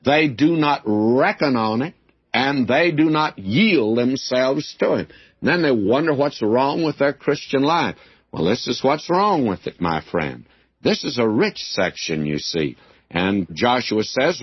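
A man's voice: medium pitch, very animated, unhurried, breathy edge, no echo. A man teaching the Bible in a folksy, conversational sermon, talking straight to his listeners. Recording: dull, lo-fi dry recording.

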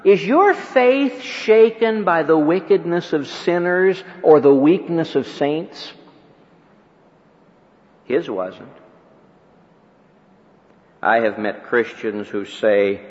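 Slow, dramatic preacher man in a reverberant hall. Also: fairly low pitch. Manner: dramatic swings from ringing emphasis to hushed near-whisper; slow, deliberate rhetorical delivery with repeated questions. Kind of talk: sermon. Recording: dull lo-fi recording with long hall reverb.

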